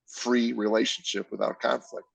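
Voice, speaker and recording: A man's voice: medium pitch, steady tone, moderate pace, gravelly, no room sound, rough recording. An older man, a comedian guest, telling candid personal stories with emotion and acting out quoted dialogue.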